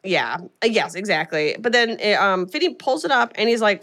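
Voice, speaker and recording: Chatty, animated woman co-host. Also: mid-range voice, brisk, few pauses. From California. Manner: animated, chatty, swears freely. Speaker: podcast co-host. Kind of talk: casual chat recapping a film.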